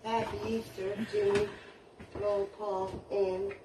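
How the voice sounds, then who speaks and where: A man's voice: high voice, little pitch movement, slow, warm tone. A man in a band, tossing out teasing, laughing asides during live show banter. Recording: roomy, distant mic, noisy.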